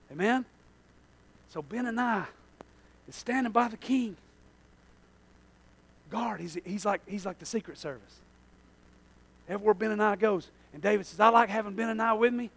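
A man preaching a sermon in a church, swinging from quiet asides to shouted exhortation. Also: sits high, animated, measured pace, creaky, long pauses, slightly rough.

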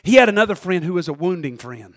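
Emphatic preacher in his forties, high voice. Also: expressive, fast talker, dry recording, studio quality. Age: 40s. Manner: emphatic, swings from loud preaching to low asides, folksy. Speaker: pastor. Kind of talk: sermon.

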